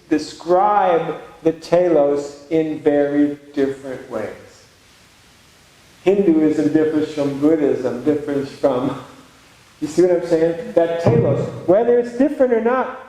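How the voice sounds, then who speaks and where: A man's voice: on the high side, mellow. A man, a monk, giving a spiritual retreat talk in a conversational, reflective way with humorous asides. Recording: very echoey room with faint background noise.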